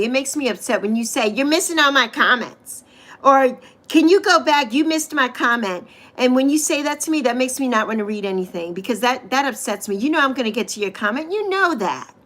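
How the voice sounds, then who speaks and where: A woman in her sixties hosting a casual livestream, chatting straight to her viewers and calling them honey. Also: high voice. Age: 60s. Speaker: livestream host reading viewer comments. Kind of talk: casual live chat. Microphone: phone or webcam on a livestream.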